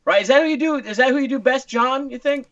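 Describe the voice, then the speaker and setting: A man's voice: very high voice, quick pace, a bit bright, no room sound, distant mic, dull audio. A middle-aged man hosting a casual chat show over a video call, joking and playful. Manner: joking, playful, slips into put-on voices. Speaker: host.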